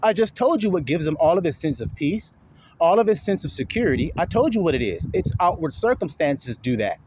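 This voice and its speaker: A man preaching in a casual, slangy street style, switching between loud and hushed delivery and acting out the voices of his listeners. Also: a little high, very animated, brisk, noisy background. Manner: casual slangy talk with swearing.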